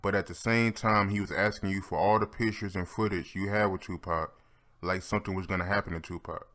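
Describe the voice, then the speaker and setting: A man's voice: low voice, fairly even intonation, brisk, a bit bright. A male interviewer asking direct, plainly worded questions.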